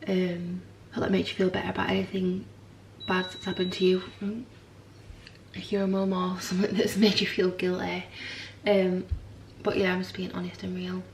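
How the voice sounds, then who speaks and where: A woman's voice: fairly low pitch, completely flat delivery, moderate pace, vocal fry, roomy sound, far from the mic, slight background noise. A young mother vlogging in a frank, rambling chat to camera, tired and swearing now and then. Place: home.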